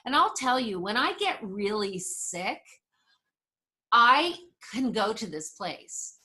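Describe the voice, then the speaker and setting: A woman teaching a resilience workshop, a lively storyteller who acts out dialogue and talks straight to her listeners. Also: fairly high pitch, slow. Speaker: resilience instructor. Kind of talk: motivational workshop talk.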